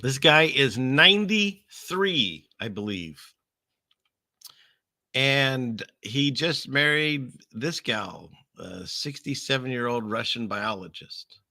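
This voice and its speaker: A man's voice: medium pitch, lively intonation, takes it slowly, sharp tone, no echo, studio quality. A male show host giving casual news commentary, rambling with joking, sarcastic asides.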